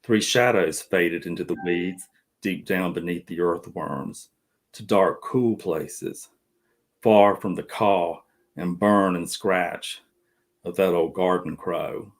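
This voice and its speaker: Deep-voiced man reading lyrically. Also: slow. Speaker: author. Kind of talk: reading from his novel.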